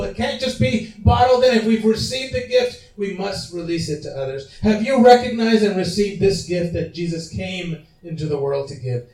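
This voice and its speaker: A male pastor preaches to his congregation in a high, lively voice that swoops up and down. He talks in a conversational way and keeps asking the room questions, and he sounds roomy and a little distant, as if picked up from across a church. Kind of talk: sermon. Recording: roomy hall, mic at a distance.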